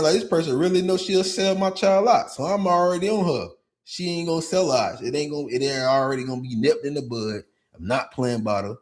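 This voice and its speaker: Fired-up man venting, somewhat high voice. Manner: animated, venting, repeats "you know what I'm saying". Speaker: podcast host and youth coach. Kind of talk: casual monologue.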